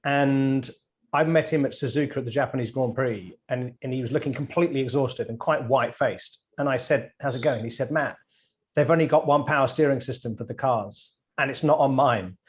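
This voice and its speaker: A man presenter jumping in to tell lively anecdotes in a casual video panel chat. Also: mid-range voice. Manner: storytelling, lively, quick to jump in.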